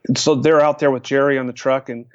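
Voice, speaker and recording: Talking fast in a flat, medium-pitched voice, a male guest spins long casual stories, rambling, restarting his sentences, and filling gaps with fillers. The sound has no room echo and is dull and lo-fi.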